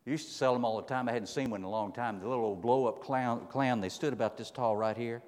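A preacher delivering a sermon in a folksy, emphatic way, dropping low and rising loud again. His medium-pitched voice rings through a long echoing hall. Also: fast talker. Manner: folksy, emphatic, dramatic swings in loudness.

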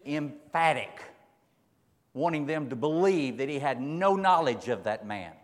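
Folksy preacher in echoing hall. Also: male voice, medium pitch, lively intonation, a little slow. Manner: folksy, emphatic, dramatic swings in loudness. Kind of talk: sermon.

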